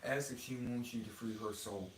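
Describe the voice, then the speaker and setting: A man's voice: medium pitch, fairly even intonation, normal speed, far from the mic. A man on a ghost-hunting livestream, relaying viewer comments and chatting about a spirit. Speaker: paranormal investigator, co-host. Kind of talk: casual livestream ghost hunt. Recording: echoey room with background noise.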